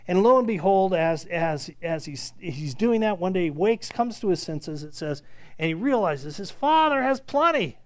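A man's voice: high voice, normal speed. A man preaching a sermon, retelling scripture with acted-out quotes and joking asides to his congregation. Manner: animated preaching, acts out quoted speech, jokes aside. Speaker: pastor.

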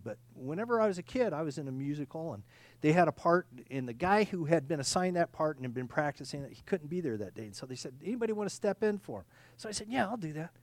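A male pastor preaching a sermon, earnest, swinging from loud emphatic lines to quiet confiding ones, often repeating words and restarting sentences. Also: fairly high pitch, no room sound.

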